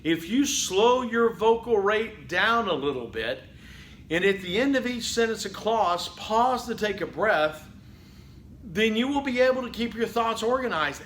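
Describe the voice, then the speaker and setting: A man teaching a public speaking class in a conversational lecture, often saying "okay" and acting out halting speech full of fillers. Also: high voice, a bit bright, roomy sound, slight background noise, rough recording. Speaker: college public speaking instructor. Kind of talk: recorded lecture.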